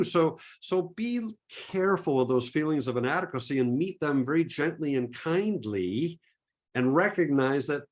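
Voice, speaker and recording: A middle-aged man presenting a photography webinar, talking in an earnest, encouraging way with many rhetorical questions and repeated words. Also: medium pitch. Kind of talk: webinar talk.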